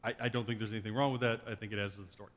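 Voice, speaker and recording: A man's voice: fairly low pitch, steady tone, very fast, fairly bright tone. Wry male pastor preaching with long reverb. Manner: wry, joking storytelling. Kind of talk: sermon. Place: church sanctuary.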